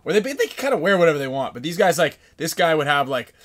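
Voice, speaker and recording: A man hosting a podcast, telling a lively story in casual chat and acting out the people in it. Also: fairly high pitch, quick pace. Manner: animated storyteller, acts out voices, frequent laughs. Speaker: podcast host.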